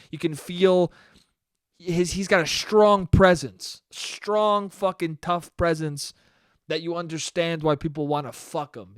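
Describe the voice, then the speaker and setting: Young man ranting, smooth voice. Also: a little high, no echo, studio quality. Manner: profane, rambling, laughs at his own jokes; slips into mock voices. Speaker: podcast host. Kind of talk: solo comedic rant.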